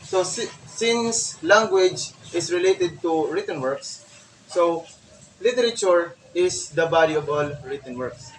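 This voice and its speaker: Filipino guy student reporting, kinda high voice, sounds far from the mic with faint noise. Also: lively intonation, echoey room. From Philippines. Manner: explains each point slowly with examples, many fillers. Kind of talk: class report.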